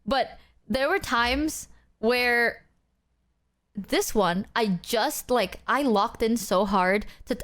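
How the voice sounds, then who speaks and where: A young woman streams and chats casually with her viewers, her voice sitting high. She rants in an animated way and swears freely as she talks.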